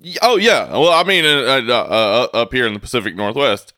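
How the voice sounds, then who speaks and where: A man co-hosting a movie podcast in casual chat, playful and often laughing, rattling off quick promos. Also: mid-range voice, animated, pushed and bright, no echo, studio quality. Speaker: podcast co-host.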